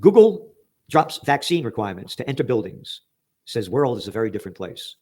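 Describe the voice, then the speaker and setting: A man's voice: medium pitch, big pitch swings, brisk, darkish tone, breathy edge. An American man hosting a political commentary show, reading news headlines aloud and ranting about them with sarcastic, emphatic outbursts. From United States.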